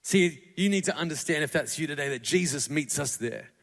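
A man preaching a sermon to a congregation, building from quiet, tender passages to fervent, shouted crescendos. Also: a little high, expressive, brisk. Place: church hall. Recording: long hall reverb.

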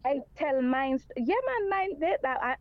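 A woman's voice: high voice, animated, moderate pace, no echo, lo-fi sound. A woman calling in to a radio talk show, speaking earnestly and repeating her points. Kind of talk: call-in radio chat.

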